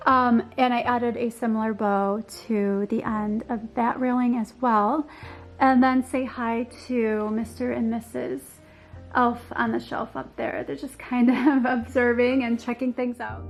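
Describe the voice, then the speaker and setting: A woman's voice: on the high side, level tone, a little slow, gravelly, soft background music. A woman narrating a casual home decor tour, gushing and enthusiastic, with frequent ums and likes and a slightly worn voice. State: slightly losing her voice.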